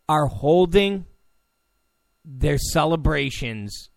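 A male talk show host delivering an incredulous, sarcastic rant, repeating himself and breaking into sudden shouts. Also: a little high, creaky, dry recording. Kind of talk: ranting commentary. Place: Los Angeles.

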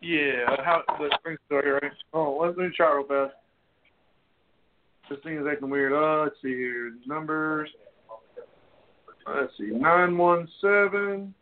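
Man, radio host, high voice, joking rambling talk, phone-like sound. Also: fairly even intonation, takes it slowly, long pauses. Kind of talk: casual radio chat. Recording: tinny phone-like audio.

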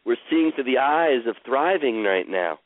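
A man coaching a caller through her feelings in a live session, with slow, soothing, repetitive guidance. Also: mid-range voice, animated, phone-quality sound, a little hiss or hum.

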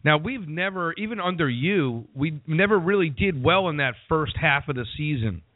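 A man hosting a radio interview, asking questions in a casual, chatty way with halting restarts. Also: a little high, lively intonation, no echo. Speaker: radio host. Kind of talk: phone interview. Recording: tinny phone-quality sound.

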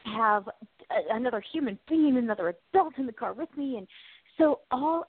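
A woman co-hosting a radio chat, sharing a personal story in a chatty, reflective way. Her voice sits a little high. It comes through a thin, tinny phone-like line with no room echo. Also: animated, moderate pace, husky. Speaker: radio show co-host. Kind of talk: casual chat.

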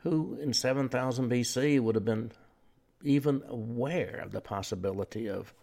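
A man hosting a talk radio show, delivering a lecturing monologue with frequent pauses and fillers. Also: mid-range voice, creaky, mellow.

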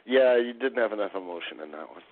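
A man's voice: on the low side, lively intonation, quick pace. A man calling in to a football podcast, chatting casually with a dry, teasing tone. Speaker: caller. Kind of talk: casual sports chat. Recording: tinny phone line.

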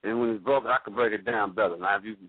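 Male caller in a heated on-air argument, halting delivery, dry phone-line audio. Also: lowish voice, steady tone, dry recording. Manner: halting, stumbles and restarts while arguing. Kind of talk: heated call-in radio debate.

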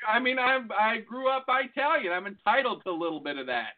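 A man's voice: high voice, a little fast. A man co-hosting a podcast, chatting loosely and profanely and laughing often. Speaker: podcast co-host. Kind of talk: casual profane chat. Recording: phone-like lo-fi sound.

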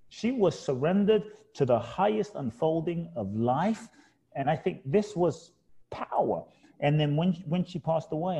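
Appearing as a guest author in an interview, a middle-aged man shares a reflective personal story earnestly and from the heart, repeating key words for emphasis. His voice is mid-range and mellow.

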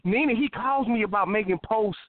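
High-voiced man on a tinny phone line. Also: brisk. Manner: animated storyteller, mimics others in quotes. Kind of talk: casual podcast chat.

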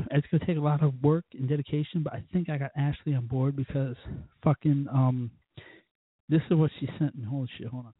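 Profane rambling man, husky and tinny. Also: medium pitch, steady tone, brisk, dry recording. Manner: profane, rambling, loud bursts. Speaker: podcast host. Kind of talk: casual drunken storytelling.

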